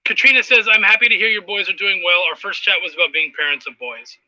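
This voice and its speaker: Bright, high-voiced enthusiastic male host. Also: expressive, fast, no echo, highs cut off. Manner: enthusiastic, profane, reads viewer comments. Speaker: podcast host. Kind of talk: casual interview chat.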